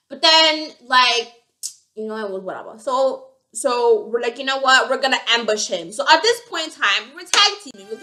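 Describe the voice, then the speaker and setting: A young woman telling a storytime vlog, animated and acting out the other voices. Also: sits high, normal speed. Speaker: vlogger.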